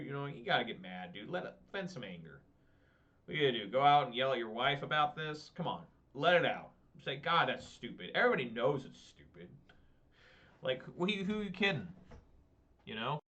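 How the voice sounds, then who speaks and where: A man's voice: mid-range voice, sharp tone. A man streaming a card game, chatting casually in a frank, rambling way with lots of fillers and some grumbling. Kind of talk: casual outro chat while gaming. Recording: slightly dull lo-fi stream audio.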